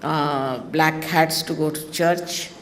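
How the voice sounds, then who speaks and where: Woman, spiritual teacher, low voice, lively and teasing, hall reverb, faint ambience. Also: takes it slowly, a little hiss or hum. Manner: lively, teasing, mocking asides. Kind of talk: spiritual talk to followers.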